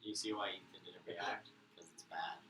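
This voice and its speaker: Brash player, man, very deep, off-mic in an echoey room with noise. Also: steady tone, moderate pace. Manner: brash and profane. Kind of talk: casual table banter. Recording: distant, echoey, noisy mic.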